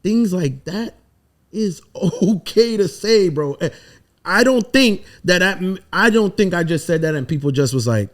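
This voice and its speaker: A man from the Virgin Islands, a songwriter telling animated, emphatic stories and swearing freely in a casual podcast interview. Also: high-pitched, measured pace. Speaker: songwriter guest.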